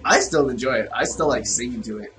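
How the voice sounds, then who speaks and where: A young man giving casual, excitable, profane let's-play commentary, shouting reactions at a game. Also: medium pitch, fast talker, low-quality recording. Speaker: gaming video host.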